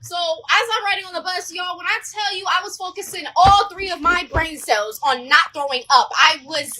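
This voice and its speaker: Woman with a real high bright voice, slangy animated storytime. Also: normal speed, rough recording. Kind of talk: casual storytime.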